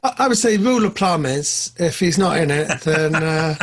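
A man co-hosting a podcast, chatting casually about films, excitable and jumping up in pitch when enthused. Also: moderate pace. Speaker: podcast co-host. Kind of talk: casual film chat.

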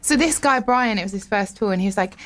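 A woman's voice: mid-range voice, quick pace. A young woman co-hosting a radio show, chatting playfully on a studio mic and telling stories with frequent giggles. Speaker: radio co-host. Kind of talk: casual radio chat. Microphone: studio microphone.

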